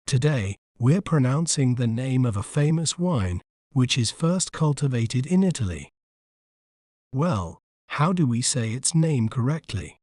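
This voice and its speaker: A man giving a pronunciation lesson, saying a word slowly and breaking it into syllables with careful, deliberate enunciation. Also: mid-range voice, big pitch swings, a little mellow, dry recording, studio quality. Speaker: pronunciation tutor.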